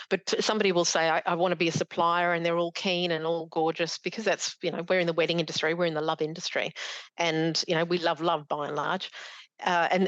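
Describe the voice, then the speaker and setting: A middle-aged woman, a charity founder and podcast guest, speaking in a halting way, with many restarts and fillers. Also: lowish voice, no room sound. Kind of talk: conversational podcast interview.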